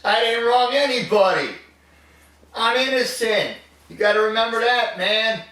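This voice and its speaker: An actor playing a foul-mouthed, short-tempered recluse who talks in a threatening way. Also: male voice, extremely high pitch, measured pace, bright, forceful tone, no echo, heavily acted. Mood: angry. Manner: threatening, profane, growling. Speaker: interview subject in a mockumentary.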